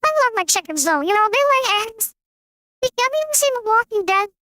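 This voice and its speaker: A man putting on a squeaky goofy voice. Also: big pitch swings, brisk, sharp tone, no room sound, exaggerated voice. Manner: joking, rambling, crude humor.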